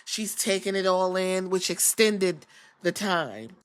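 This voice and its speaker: A woman's voice: lowish voice, slow. A woman hosting a podcast, recapping events in a blunt, profane, chatty way. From outside the US. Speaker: podcast host.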